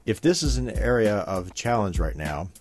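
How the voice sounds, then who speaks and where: A man's voice: fairly low pitch, very animated, normal speed, darkish tone, faint music behind. A man co-hosting a talk show, reading promos and setting up topics in a friendly announcer manner. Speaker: co-host.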